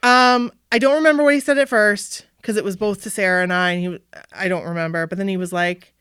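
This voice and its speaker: A woman's voice: mid-range voice, fast, smooth, no room sound, studio quality. A woman from Maine co-hosting a podcast, telling a long story in casual chat and acting out the voices of the people in it. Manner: animated storytelling with bright acted-out quotes. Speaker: podcast co-host.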